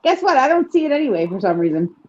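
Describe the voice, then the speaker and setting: A woman reacting in a giggly, lively way during a casual chat with friends. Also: high-pitched, fast. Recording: dull lo-fi sound.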